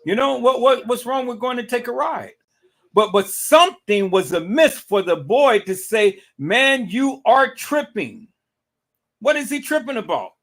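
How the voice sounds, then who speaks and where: A man's voice: very high voice, lively intonation, moderate pace, fairly bright tone. A man giving casual livestream commentary, emphatic and repetitive, asking rhetorical questions.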